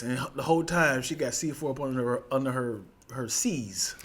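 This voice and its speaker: A man co-hosting a casual podcast, rambling excitedly and laughing through his stories. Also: medium pitch, moderate pace. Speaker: podcast co-host. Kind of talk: casual chat.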